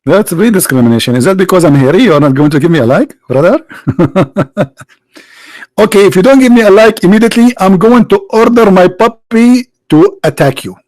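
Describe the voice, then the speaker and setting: A man's voice: high voice, expressive, fast talker, few pauses, a little mellow, no room sound, poor audio. A man hosting a livestream debate, mocking and sarcastic, firing off rhetorical questions in non-native English.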